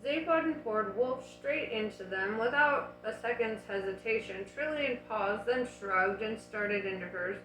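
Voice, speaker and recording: Woman casually reading a book out loud, slow, echoey room, faint music. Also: medium pitch. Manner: unhurried, with asides and laughs. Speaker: audiobook reader. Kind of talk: reading a novel aloud, casual.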